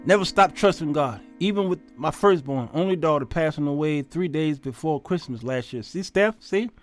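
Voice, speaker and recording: A middle-aged man hosting his show, telling stories in a preachy, animated sermon style and quoting God in a stern voice. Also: on the high side, normal speed, soft background music. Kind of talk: sermon-like storytelling monologue.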